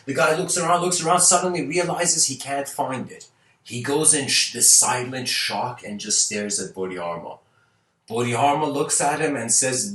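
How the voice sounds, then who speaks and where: A man's voice: medium pitch, normal speed, a bit bright. A man who is a spiritual teacher, answering viewer questions in a casual, rambling way with many restarts. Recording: roomy, distant mic.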